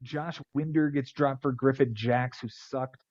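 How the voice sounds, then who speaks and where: A man's voice: medium pitch, steady tone, a little slow, a little mellow, no room sound, muffled recording. A man hosting a podcast who casually rattles off fantasy baseball stats and cracks jokes. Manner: rattles off stat lines, wisecracking. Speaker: podcast host.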